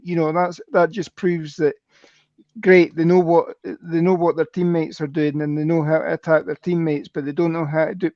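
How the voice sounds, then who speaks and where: A man's voice: on the high side, darkish tone, no room sound. A man co-hosting a podcast, talking in a rambling, self-correcting, sceptical way over slightly dull call audio. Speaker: co-host. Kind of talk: casual podcast chat.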